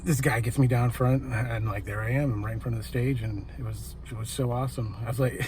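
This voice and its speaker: Man, out of breath, excited rambling vlog, noisy background, mid-pitched voice. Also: brisk. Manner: animated, rambling with fillers. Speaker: vlogger. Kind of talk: excited casual storytelling. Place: parked car.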